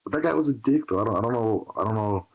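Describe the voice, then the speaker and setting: A very deep-voiced man with a gravelly, husky tone, rambling to camera with plenty of fillers and curses. The recording is dull and lo-fi. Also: lively intonation, fast. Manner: loose, rambling, swearing, many fillers. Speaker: vlogger in a played clip. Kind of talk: casual vlog talk. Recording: dull lo-fi clip.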